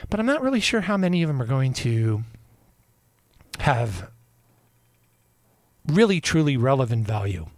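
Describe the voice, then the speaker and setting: A man's voice: medium pitch, no echo. A man hosting a radio show, delivering a rambling, emphatic, preaching monologue full of repetition.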